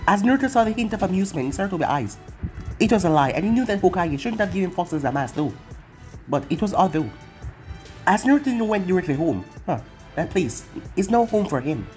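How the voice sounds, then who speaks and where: Lively machine-like story narrator. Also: mid-range voice. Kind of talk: reading fan fiction aloud.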